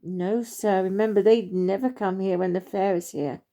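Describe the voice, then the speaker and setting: Woman voicing an eager polite young male critter, bright raised storybook voice, mellow tone. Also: mid-range voice, steady tone, moderate pace, close to an everyday voice. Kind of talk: storybook reading.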